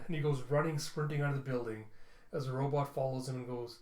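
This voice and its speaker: A man's voice: mid-range voice, steady tone, brisk, darkish tone. Casual male comic reviewer. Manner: casual, with restarts and fillers. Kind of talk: casual comic readthrough narration. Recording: roomy echo.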